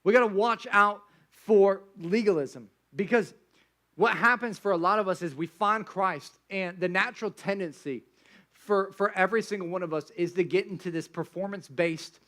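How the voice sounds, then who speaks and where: Pastor, male, casual storyteller; high, bright voice, lots of restarts. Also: moderate pace. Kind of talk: sermon.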